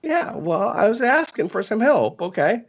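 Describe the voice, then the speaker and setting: A man telling a long story in casual talk, animated and often stammering as he restarts his sentences. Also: high voice, moderate pace, lo-fi sound.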